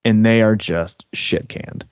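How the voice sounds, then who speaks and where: A lower-voiced man rambles through a story on a podcast, piling on fillers and false starts. The sound is dry and a little dull, close to lo-fi. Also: takes it slowly, smooth, no room sound. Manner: rambling, animated storyteller with many fillers and restarts. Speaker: podcast co-host. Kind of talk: casual storytelling chat.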